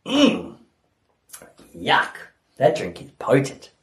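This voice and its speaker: A stand-up in his thirties riffs alone on his podcast. His voice sits a touch high and leaps up and down with animated energy. He is self-mocking and loose, and he drops in little character voices. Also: normal speed. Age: 30s. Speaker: comedian and podcast host. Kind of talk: solo comedy podcast monologue.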